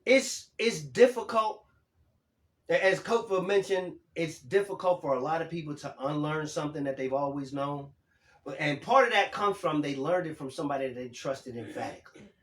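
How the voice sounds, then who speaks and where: On a casual livestream, a man in his fifties responds emphatically to viewer comments he reads aloud, swearing casually along the way. His voice is on the high side and fairly bright, at a moderate pace in an echoey room.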